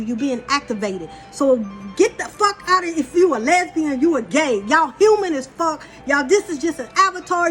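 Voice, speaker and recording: High-voiced, blunt woman, casual profane spiritual storytelling. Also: fairly bright tone. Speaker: spiritual channeler.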